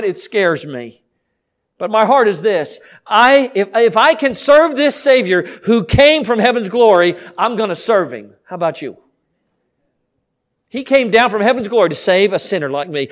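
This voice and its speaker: Fervent high-voiced Southern preacher. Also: male voice, expressive, normal speed. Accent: Southern American. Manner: fervent, swings from quiet to shouting. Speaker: pastor. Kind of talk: sermon. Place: church sanctuary.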